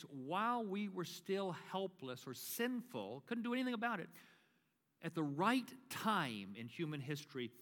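A man's voice: a little high, a bit bright. A male pastor giving a sermon and leading communion. He builds to emphatic preaching and repeats his key phrases. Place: church sanctuary. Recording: long reverb of a large church.

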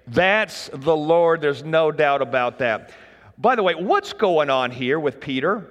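A man preaching a sermon in a relaxed, folksy way, joking with the congregation. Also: on the high side, a little slow, long reverb tail, highs cut off. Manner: folksy, conversational, jokes with the congregation. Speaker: pastor.

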